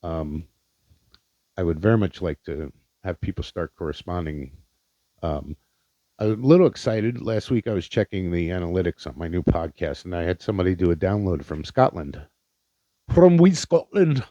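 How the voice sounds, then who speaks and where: Man, solo podcast host, low voice, dull lo-fi sound. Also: normal speed, dark tone, no echo. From Indiana, Pennsylvania, USA. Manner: rambling, profane, sincere, with many fillers. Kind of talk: casual solo podcast monologue. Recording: dull lo-fi dry recording.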